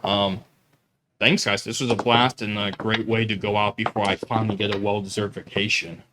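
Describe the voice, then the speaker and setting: A man narrating as game master of a tabletop role-playing game, playful and quick with asides. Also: on the low side, little pitch movement, background noise.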